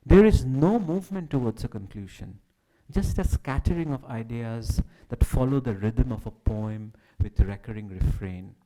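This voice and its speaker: A man reading a prepared academic talk at a symposium, with a measured, declamatory delivery. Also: medium pitch, animated, dark tone, poor audio. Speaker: academic speaker. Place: symposium hall.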